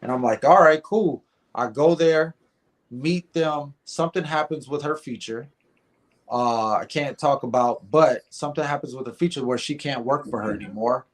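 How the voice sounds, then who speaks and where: A middle-aged man telling a story in a casual interview, animated and acting out the dialogue, often repeating words. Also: medium pitch, normal speed. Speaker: guest comedian.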